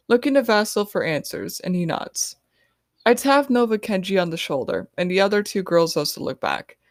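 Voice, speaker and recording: A woman's voice: mid-range voice, dry recording, studio quality. A woman author reading her own novel in the first person on her podcast.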